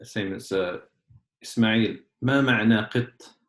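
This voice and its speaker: A man with a fairly low voice leads a small class, patiently walking the students through each word. He clears his throat often between explanations. The sound carries a roomy echo. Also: moderate pace, a bit bright. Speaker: Arabic teacher. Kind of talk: online class lesson.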